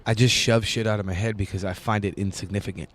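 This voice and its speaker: Low-voiced, foul-mouthed male podcast host. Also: fairly even intonation, fast, a little hiss or hum. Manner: blunt and swears freely. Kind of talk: casual podcast chat.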